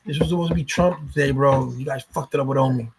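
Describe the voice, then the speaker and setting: A man's voice: mid-range voice, fast talker, slightly rough. A man talking casually to his vlog viewers, rambling and swearing freely, often repeating himself. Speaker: YouTuber.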